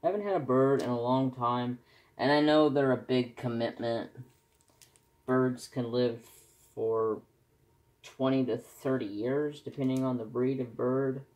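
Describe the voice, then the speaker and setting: Slow-talking man, rambling casual chat. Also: medium pitch, steady tone, darkish tone. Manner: rambling, folksy, self-correcting. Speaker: crafting vlogger.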